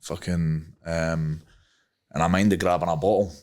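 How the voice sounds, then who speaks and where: A man's voice: low voice, fairly even intonation, unhurried, a little mellow. A young Scottish man, a podcast guest, telling a rambling story casually, swearing freely and using many fillers. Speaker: guest, MMA fighter.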